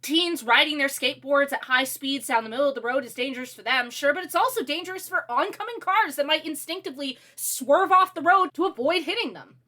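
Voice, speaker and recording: A woman ranting through a video game review, exasperated, sarcastic and animated. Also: high-pitched, fairly quick, hardly any pauses.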